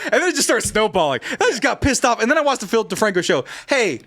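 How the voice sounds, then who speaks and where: A man co-hosting a podcast, ranting in animated casual chat and swearing freely. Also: extremely high pitch, quick pace, few pauses. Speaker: podcast co-host.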